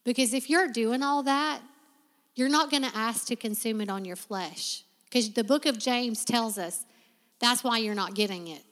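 A woman's voice: fairly high pitch, normal speed, a bit bright. A woman preacher giving a heartfelt sermon and prayer in a church, with a repetitive preaching cadence. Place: church sanctuary. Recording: long reverb of a church hall.

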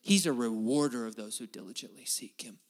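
A man preaching a sermon in a folksy, animated way, tossing in "right?" asides. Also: mid-range voice, fairly quick. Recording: hall reverb.

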